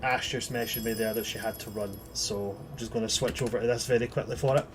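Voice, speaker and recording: A man's voice: mid-range voice, fairly even intonation, quick pace, background noise. A man as game master, closing a tabletop livestream and plugging the socials in a chatty, upbeat way.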